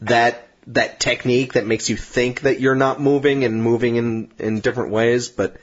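A man's voice: mid-range voice, fairly even intonation, normal speed. Man explaining on a lo-fi podcast. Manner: explains step by step with fillers. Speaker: podcast co-host. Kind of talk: casual chat. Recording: dull lo-fi podcast audio.

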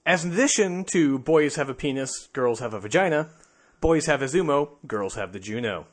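Lively, joking male podcast host. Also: mid-range voice, normal speed. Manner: jokey, laughs often, playful. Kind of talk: casual podcast chat.

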